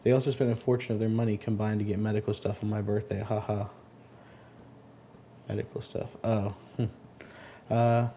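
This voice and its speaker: A man hosting a story channel who reads posts aloud, then comments in a halting, earnest way, often stumbling and repeating words. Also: lowish voice, slight background noise. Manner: sympathetic, soft-spoken commentary. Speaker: Reddit story reader and host.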